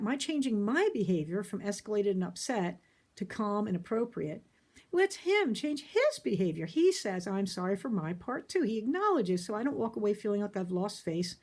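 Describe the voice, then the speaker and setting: Lively, folksy woman therapist. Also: fairly high pitch. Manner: folksy, emphatic, laughs easily. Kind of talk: casual talk about therapy.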